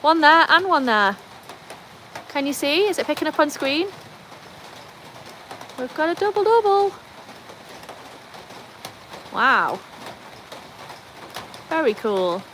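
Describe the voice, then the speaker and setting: A high-pitched, sing-song and slightly bright British woman's voice, slow with long pauses, hosts a casual livestream from a covered tin-roofed veranda in the rain. She chats with viewers, reads their comments and coaxes her dogs. The poor audio carries a little hiss or hum.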